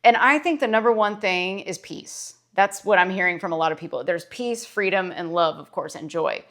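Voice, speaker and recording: A woman's voice: lowish voice, normal speed, fairly bright tone. A woman, a social worker, speaking straight to camera in a self-made motivational video. She talks earnestly and with emphasis, repeating her phrases to drive each point home. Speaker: licensed clinical social worker and mindset vlogger.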